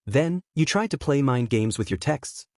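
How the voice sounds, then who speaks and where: A man's voice: mid-range voice, animated, moderate pace, no room sound, natural voice. Impatient young masked vigilante, read by a man, curt, blunt, dry close sound.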